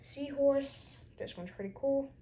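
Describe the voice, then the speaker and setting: A woman's voice: high voice, measured pace, dark tone, low-quality recording. A woman in a casual show-and-tell vlog, chatting as she lists her figures one by one with short comments. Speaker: toy collector showing her figures.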